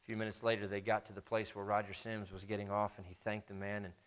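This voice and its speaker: A man's voice: on the low side, flat delivery, fast talker. A man preaching a sermon, telling a story and leading a prayer, with emphatic repetition of key phrases.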